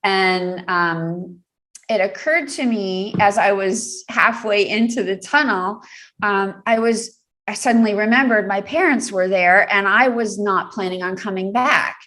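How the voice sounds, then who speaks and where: A woman's voice: medium pitch, unhurried, a bit bright. A woman being interviewed on a podcast, telling a personal story earnestly, with many fillers and frequent laughter. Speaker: guest, trauma recovery specialist.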